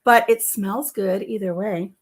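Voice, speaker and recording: A woman's voice: medium pitch, fairly even intonation, unhurried. A woman hosting a casual home vlog, chatting and telling stories with a lot of laughter. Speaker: vlog host. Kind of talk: casual chat while tasting tea.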